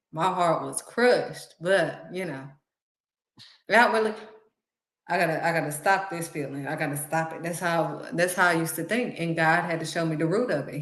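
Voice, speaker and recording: A woman's voice: low voice, a bit bright. A woman giving heartfelt spiritual encouragement in a conversational preaching style, repeating phrases for emphasis. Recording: roomy echo.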